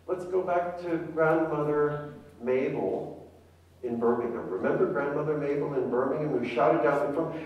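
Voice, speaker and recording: A man speaking as a family therapist engages his conference audience by posing questions. His slightly high voice moves at normal speed, with the upper frequencies cut off, and the sound echoes as if picked up at a distance in a large hall.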